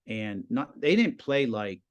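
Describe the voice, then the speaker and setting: Guy in his 50s, a teacher telling stories on a podcast, keeps acting out what people said, mid-pitch voice. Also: takes it slowly. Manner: animated, acts out quoted conversations. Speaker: high school TV production teacher, guest. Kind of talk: casual storytelling.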